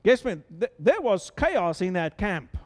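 A man with a high voice preaches in a church sanctuary, talking conversationally, stumbling over repeated words and tossing out rhetorical questions. At times he drops to a soft, hushed tone. His voice rings with the long reverb of the hall. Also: sing-song, unhurried. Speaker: pastor. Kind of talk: sermon.

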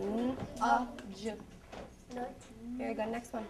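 A woman elementary teacher with a high voice runs a reading lesson. She gives brisk, firm directions to the children and hands out quick praise as she moves along. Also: noisy background. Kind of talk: classroom instruction. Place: elementary classroom.

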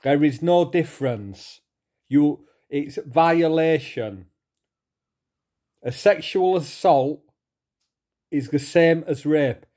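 Middle-aged man, angry vlog rant, slow, mellow tone, swears freely. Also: on the high side. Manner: heated, swearing, repetitive, pausing to calm himself. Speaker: vlogger.

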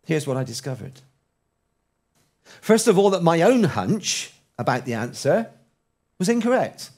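A man preaches a sermon, his voice sitting a touch high for a man. He talks in a lively, conversational way and leans on rhetorical questions. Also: a little slow.

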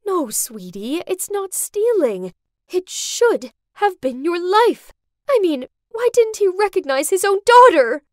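A desperate middle-aged mother, as a storyteller puts her on pleads and falters in an animated storybook. She speaks with a rising, wavering voice, recorded dry and close. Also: fairly high pitch, moderate pace, no echo, close to an everyday voice. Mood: pleading.

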